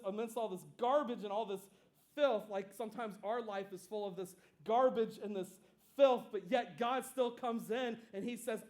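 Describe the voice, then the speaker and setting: A high-voiced pastor preaches in a relaxed, chatty way, full of asides and quick questions to the congregation. He retells stories with animated energy, acting out the scenes. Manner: casual, conversational preaching with fillers and asides. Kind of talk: sermon.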